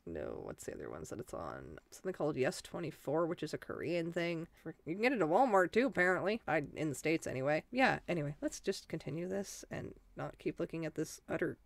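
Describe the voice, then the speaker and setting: A woman's voice: fairly quick, vocal fry, hardly any pauses, dry recording. A woman chatting casually in a reaction vlog from the corner of her bedroom, rambling with lots of fillers and big swings in her voice. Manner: rambling, filler-heavy, expressive swings in pitch. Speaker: vlogger and self-published author. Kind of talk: casual reaction vlog, reading posts aloud.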